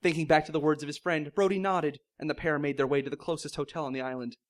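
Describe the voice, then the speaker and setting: A man's voice: fairly high pitch, fairly even intonation, fast. A man reading silly fan fiction aloud in mock-serious narration, often breaking into laughter. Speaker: comedic reader.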